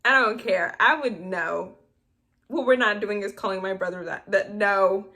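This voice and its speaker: A woman's voice: medium pitch, measured pace, pushed and bright. A young woman casually recapping a movie for her channel, full of sarcastic, laughing asides. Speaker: movie review vlogger.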